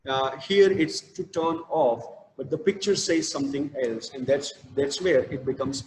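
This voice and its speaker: A man with an Indian English accent teaching an English literature class, with many fillers and restarts. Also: medium pitch. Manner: slow stressed reading of verse. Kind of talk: online lecture. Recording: echoey room with long reverb, faint noise.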